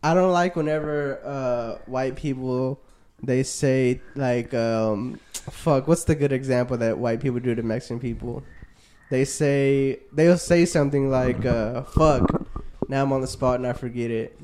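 A man's voice: medium pitch, a little slow, dark tone, slight background noise. A man co-hosting a podcast, teasing the others and laughing easily. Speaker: podcast co-host. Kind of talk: casual podcast banter.

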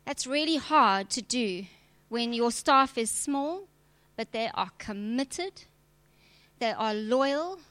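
A woman's voice: a little high, animated, takes it slowly, fairly bright tone, no echo. A woman preacher, giving a direct, emphatic sermon with touches of humor. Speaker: preacher and church leader.

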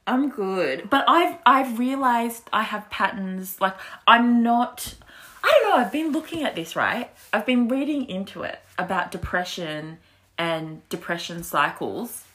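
A woman's voice: mid-range voice, lively intonation, unhurried, fairly bright tone. A young woman, casually chatting as a podcast co-host, laughing a lot and swearing now and then. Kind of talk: casual chat.

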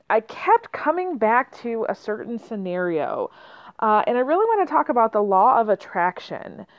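A woman's voice: on the high side, no room sound. A woman hosting a motivational podcast, speaking reflectively and telling a story to her listeners. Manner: reflective, with many fillers and restarts. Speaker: podcast host. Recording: slightly muffled lo-fi.

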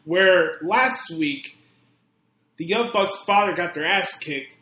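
A man hosting a podcast, ranting with profane exasperation that swings between low mutters and loud outbursts. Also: takes it slowly, reverberant, rough recording. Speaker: podcast host. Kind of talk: angry podcast rant.

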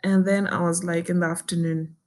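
Young zimbabwean woman, lowish voice, telling her story all intense and indignant, mixes english and shona. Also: little pitch movement, brisk. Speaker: podcaster recounting a personal ordeal. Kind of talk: emotional personal storytelling.

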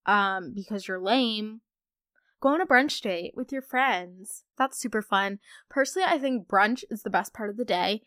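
A woman's voice: medium pitch, unhurried, fairly bright tone, no echo, clean studio sound. A young woman from the United States hosting a podcast in casual chat, bubbly and chatty with lots of filler. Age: young adult. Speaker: podcast host.

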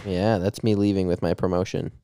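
A man's voice: low voice, little pitch movement, brisk, very noisy. A young man co-hosting a podcast, rambling casually with lots of fillers and frequent laughs. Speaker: podcast co-host. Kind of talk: casual chat.

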